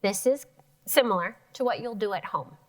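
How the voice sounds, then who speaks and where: A woman's voice: mid-range voice, expressive, normal speed. A woman teaching an elementary phonics lesson, sounding out words syllable by syllable.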